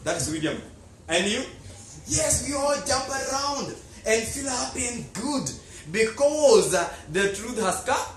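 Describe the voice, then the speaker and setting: Man, pastor, sermon storytelling, high voice, animated, echoey church hall. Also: slow, slight background noise. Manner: animated, swings from low murmurs to loud exclamations. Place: church sanctuary.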